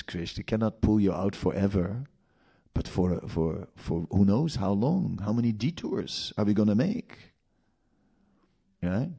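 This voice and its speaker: A man's voice: on the low side, warm tone, breathy edge. A man preaching a sermon in a storytelling manner, with rhetorical questions and asides.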